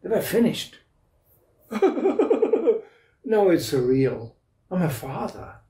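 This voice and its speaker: A man in his fifties tells personal stories in a spiritual lecture, chuckling often and circling back over his own half-finished phrases. His voice sits a little high but sounds mellow and unhurried. The room around him is echoey, like a small club hall. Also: sing-song, far from the mic. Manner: storytelling, laughs often, halting restarts. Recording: roomy hall echo.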